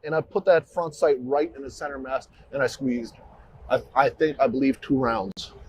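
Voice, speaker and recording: A man, a police officer, giving a halting recorded account full of restarts. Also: mid-range voice, steady tone, slight background noise, rough recording. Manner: halting, with frequent restarts and fillers.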